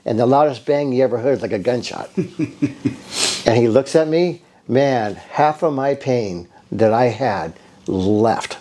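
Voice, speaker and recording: A middle-aged man at an ordinary pitch, his tone mellow and unforced. He talks casually and loosely, jumping from point to point and acting out the conversations as he tells his story. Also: a little slow. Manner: rambling storyteller who acts out conversations. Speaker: bodywork therapist giving a patient testimonial. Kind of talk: casual spoken testimonial.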